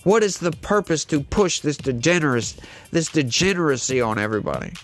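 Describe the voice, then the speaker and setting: A political commentary host with a southern Louisiana accent reads the news and delivers heated opinion, ranting with plenty of rhetorical questions. His voice sits on the high side and is very animated, a little fast and fairly bright, and his manner is hyper and scattered. Faint music plays behind him.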